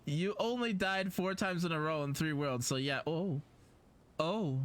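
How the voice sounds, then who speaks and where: A woman's voice: deep voice, measured pace. A young woman from England with a southern English accent, chatting casually while live-streaming a game, giggly and self-deprecating.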